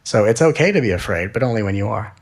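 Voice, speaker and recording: A man giving a spiritual talk, gentle and soothing, with slow repeated phrases. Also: fairly low pitch, expressive. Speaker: spiritual teacher.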